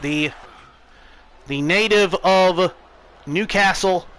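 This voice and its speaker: An American man calls a wrestling match on his stream with excitable play-by-play energy. His voice sits high for a man and rings bright and sharp. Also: extremely slow, rough recording. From United States.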